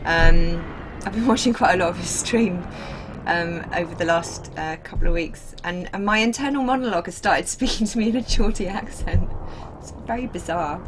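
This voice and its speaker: A woman's voice: on the low side, moderate pace, background noise. A woman streaming a game, chatting casually and laughing often. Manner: chatty, laughs often, reads chat aloud. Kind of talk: casual live-stream chat.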